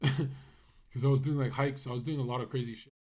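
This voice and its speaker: A man's voice: medium pitch, steady tone, fairly quick, a little mellow. A man streaming a casual monologue, brash and rambling, with many fillers and asides that trail off.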